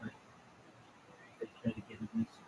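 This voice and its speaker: A man's voice: moderate pace, mellow, muffled recording, a little hiss or hum. A man hosting a livestream, chatting casually and swearing as he jokes, acting out imagined conversations in different voices. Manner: profane, joking, acts out imagined dialogue. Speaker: livestream host.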